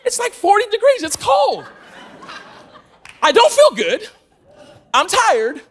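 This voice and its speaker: A man acting out a tired, cross young woman who complains loudly about the cold. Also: extremely high pitch, wildly swooping pitch, a little slow, pitched above the performer's own voice, full character voice. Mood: whiny complaint. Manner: complaining, exasperated.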